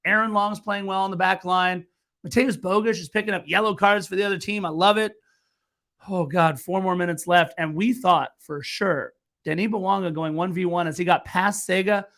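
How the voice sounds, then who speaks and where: Male fan-podcast co-host, high and bright, excitable recap delivery. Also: moderate pace. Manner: excitable play-by-play recap, teasing.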